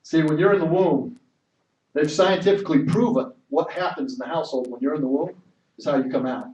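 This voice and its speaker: A man's voice: fairly high pitch, fairly quick, darkish tone, dull audio. Emphatic man speaking in an echoey room. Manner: emphatic, storytelling, frequent restarts. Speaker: network marketing speaker. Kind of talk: motivational sales talk. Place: meeting room. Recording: echoey hall from far off.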